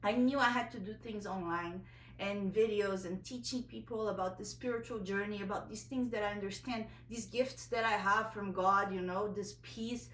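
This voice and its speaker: A woman's voice: medium pitch, fairly even intonation, moderate pace, fairly bright tone, echoey room, distant mic, slight background noise, rough recording. A woman vlogger telling a personal story in a candid, emotional way, a little nervous, full of fillers and restarts.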